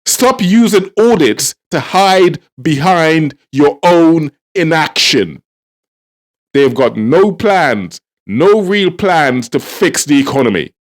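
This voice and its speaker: A man's voice: a little high, expressive, slow pace. A man giving heated, exasperated political commentary, repeating himself in frustration. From Trinidad and Tobago.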